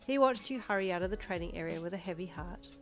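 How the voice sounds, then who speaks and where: A woman narrating a fan fiction story in an expressive second-person reading. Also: on the low side, fast, faint music behind. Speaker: audiobook narrator.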